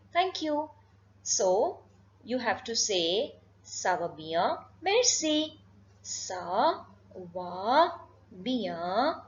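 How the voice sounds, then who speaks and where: A woman teaching a French lesson, speaking slowly and carefully and repeating each phrase for her students. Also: fairly high pitch, dull audio. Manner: slow, careful, repeats words. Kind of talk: classroom lesson.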